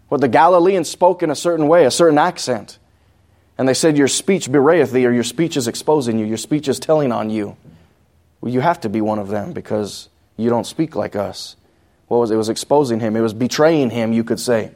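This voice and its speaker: An adult pastor speaks briskly in a medium-pitched, slightly mellow voice with a New Mexican accent. Teaching a Bible study sermon, he reads scripture aloud, explains it plainly, and asks the congregation questions.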